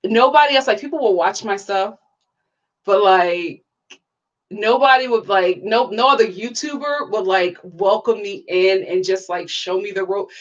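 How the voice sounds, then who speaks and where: A young woman hosting a casual livestream, chatty and bubbly, full of "like" fillers and sudden excited high exclamations. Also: moderate pace, dull audio. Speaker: YouTube reality-TV reviewer reading live chat.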